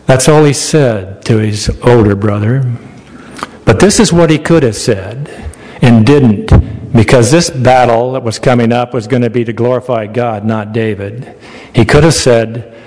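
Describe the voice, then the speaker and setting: A man's voice: medium pitch, a little slow, a little mellow, in a large hall, rough recording. A man preaching a sermon, retelling a Bible story in a folksy, conversational way and asking his listeners questions.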